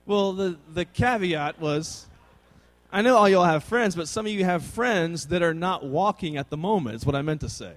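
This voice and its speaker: A man, preaching a sermon as a youth pastor with animated, conversational storytelling. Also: high-pitched, normal speed.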